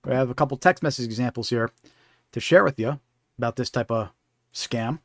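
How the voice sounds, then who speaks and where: A man's voice: mid-range voice, a little fast, fairly bright tone, no echo, clean studio sound. A man hosting a live stream about scams, talking in a conversational way and often checking in with "right?". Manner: conversational, keeps asking "right?". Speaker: host. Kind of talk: live-stream scam awareness talk.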